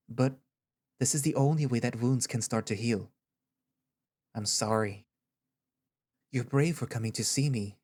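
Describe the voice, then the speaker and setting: In an audio story reading, a man with a natural, mid-range voice plays a gentle, caring male therapist. He speaks softly, reassuringly, and patiently, creating a comforting mood.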